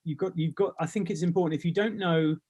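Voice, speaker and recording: A man's voice: on the high side, fairly even intonation, fast, darkish tone, husky. A man, a company founder, telling stories in a casual interview, rambling, repeating himself and swearing now and then. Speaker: brand founder, guest.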